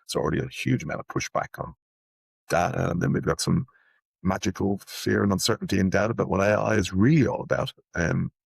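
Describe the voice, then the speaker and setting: A man's voice: deep voice, fairly quick, gravelly, husky, no room sound. A man hosting a casual business chat, rambling through anecdotes and cutting himself off mid-sentence. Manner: rambling, anecdotal, self-interrupting. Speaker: podcast host.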